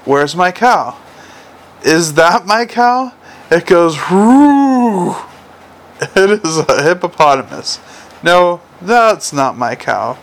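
A man's voice: high voice, big pitch swings, slow pace, heavily acted. A man voicing a weary watchman father reading a picture book aloud to his baby, in a sing-song way with hammed-up animal noises. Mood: playful.

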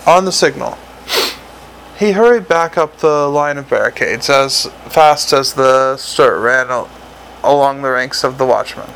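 A man's voice: mid-range voice, a little slow, fairly bright tone, slight background noise, poor audio. A man reading a novel aloud as narrator, with occasional slips and restarts. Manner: reads with small slips and restarts. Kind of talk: audiobook narration.

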